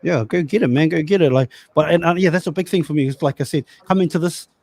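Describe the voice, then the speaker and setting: A man's voice: a little high, quick pace, darkish tone, no room sound. A man in his thirties with an Australian accent, co-hosting a podcast in loose, slangy casual chat, swearing and repeating himself. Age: 30s. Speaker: podcast co-host.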